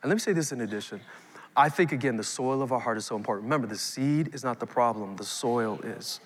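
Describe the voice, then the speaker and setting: A man's voice: medium pitch, quick pace. A male pastor in his thirties preaching a live sermon, emphatic, with rising calls to the congregation. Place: church sanctuary. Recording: long hall reverb.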